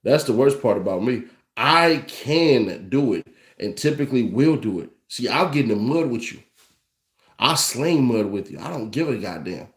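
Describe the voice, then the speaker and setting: A man's voice: mid-range voice, expressive, moderate pace. A young adult man, ranting with profanity and mocking laughs as a commentary host. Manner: brash, mocking, laughs often. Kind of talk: profane rant to camera. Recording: echoey room.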